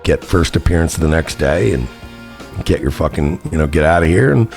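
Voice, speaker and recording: A man putting on the voice of a calm, businesslike male jail psychiatrist, speaking a little higher than his own voice. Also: normal speed, gravelly, soft background music, full character voice.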